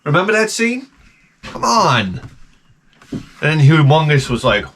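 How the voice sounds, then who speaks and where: A man's voice: fairly high pitch, sing-song, a little slow, long pauses, a bit bright. A middle-aged man ranting sarcastically through a casual story, mimicking the people in it. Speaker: vlogger.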